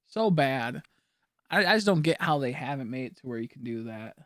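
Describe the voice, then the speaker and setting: Streaming a game, this young man talks casually and rambles, dropping mumbled asides and lots of filler words. He speaks at a normal speed with an expressive, slightly bright medium-pitched voice, recorded clean in a studio with no room sound.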